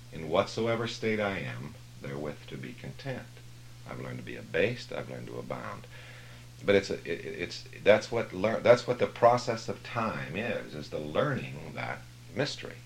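Deep, lively man leading a casual Bible study, a faint hum behind him. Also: rough recording. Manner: storytelling, animated jokes.

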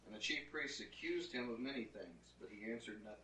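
A man in the congregation reading scripture aloud in a plain, steady way. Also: mid-range voice, a little fast. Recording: roomy, distant from the mic.

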